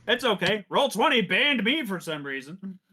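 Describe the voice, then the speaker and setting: A man's voice: sits high, sing-song, moderate pace, bright, forceful tone, breathy edge. A man chatting as a player in a tabletop game, teasing the others with wry sarcasm. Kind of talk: casual chat.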